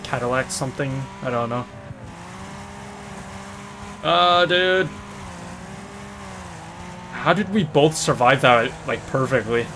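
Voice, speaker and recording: A man giving rambling, excitable commentary while he plays a game, often saying "dude", on a desk mic near a noisy computer. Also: medium pitch, takes it slowly, gravelly, pauses often. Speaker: gamer. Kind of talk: casual gameplay commentary. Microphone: desktop mic near a noisy computer. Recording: loud racing game sounds behind voice.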